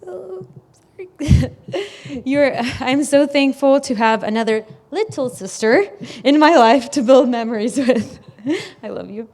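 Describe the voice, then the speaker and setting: A woman's voice: high voice, measured pace, hardly any pauses, darkish tone. A young woman, the groom's sister, giving a wedding toast at a reception, laughing often and fighting back tears. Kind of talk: wedding speech.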